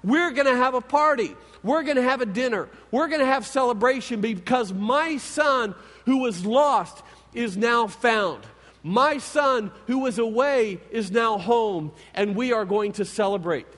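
A man's voice: extremely high pitch, a little slow, a bit bright, long reverb tail. A man voicing a jubilant father proclaiming orders for a celebration, in a sermon retelling. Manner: proclaiming, commanding servants. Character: jubilant welcoming father of a returned son.

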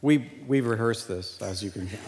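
A man's voice: fairly low pitch, normal speed, gravelly, darkish tone, slight background noise. Joking man on stage in a reverberant hall. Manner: joking, laughs often. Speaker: speaker on stage. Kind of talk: casual storytelling to an audience.

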